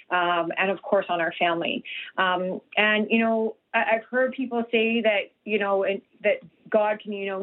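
A woman guest, a nutritionist and health coach, talks in an earnest way with many restarts in a live radio interview. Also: medium pitch. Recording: tinny phone line.

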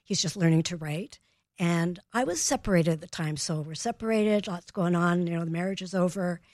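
A woman's voice: lowish voice, moderate pace, a little mellow, dry recording, studio quality. A woman, a parenting expert, telling stories on a radio talk show and acting out both sides of each conversation. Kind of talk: storytelling in a radio interview.

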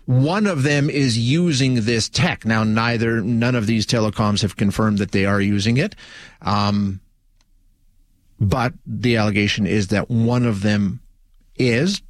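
A man's voice: mid-range voice, no echo. A man hosting a call-in radio show, talking casually with frequent restarts and fillers. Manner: conversational, many restarts and fillers. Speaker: radio talk show host. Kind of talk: casual talk radio monologue.

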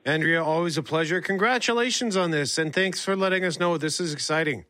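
A man hosting a live radio show, introducing a guest in a brisk, upbeat way. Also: fairly high pitch, pushed and bright, no echo. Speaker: radio host. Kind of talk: radio interview.

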